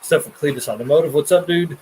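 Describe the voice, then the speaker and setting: A man's voice: fairly high pitch, quick pace, a little mellow, a little hiss or hum, low-quality recording. A man hosting a car podcast, chatting casually and rambling with restarts and fillers. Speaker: podcast host.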